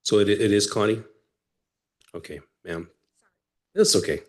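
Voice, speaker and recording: A man's voice: lowish voice, measured pace. A man chairing a council meeting, calling up speakers and hesitating over names. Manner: hesitant, reading names aloud. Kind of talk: chairing public comment. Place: city council chamber.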